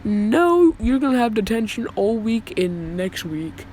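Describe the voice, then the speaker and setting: A man's voice: high-pitched, big pitch swings, a little slow, a little mellow, a little hiss or hum, poor audio. A man doing a stern, self-important principal.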